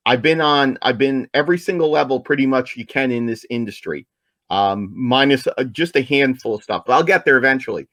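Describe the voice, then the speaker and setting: A man's voice: medium pitch, fairly quick, fairly bright tone, no room sound. A man co-hosting a podcast, talking in an enthusiastic, casual way and repeating his points for emphasis. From New Jersey, USA. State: coughing, apologizes for it. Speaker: podcast co-host.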